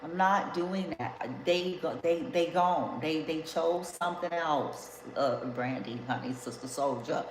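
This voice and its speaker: A woman's voice: sits low, unhurried, hardly any pauses. Blunt, profane woman reading tarot. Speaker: tarot reader. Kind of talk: casual tarot reading monologue. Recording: echoey room with background noise.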